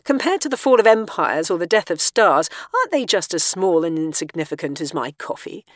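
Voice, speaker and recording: A sharp, lecturing woman who prods insistently, read by a woman narrator. Her voice sits low and is recorded dry and close, in a steady audiobook reading. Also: brisk, no echo. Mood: pointed, prodding. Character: clever woman archaeologist, wry and lecturing.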